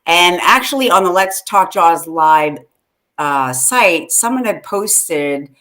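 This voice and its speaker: A woman's voice: on the low side, lively intonation, slow pace, a bit bright. A woman co-hosting a casual live-stream chat, chatty and laughing, greeting viewers by name. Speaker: podcast co-host.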